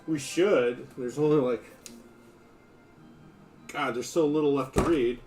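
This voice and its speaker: A man's voice: mid-range voice, fairly even intonation, takes it slowly, a little mellow, soft background music. A man hosting a casual livestream, chatting in a rambling way with his viewers and his dogs. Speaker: livestream host.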